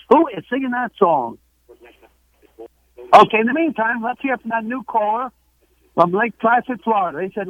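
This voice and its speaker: A man hosts a call-in radio show in a high, lively voice that swings up and down. The sound is tinny and dry, like a phone line. He reads out the call-in number slowly and more than once. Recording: tinny narrow-band broadcast, dry.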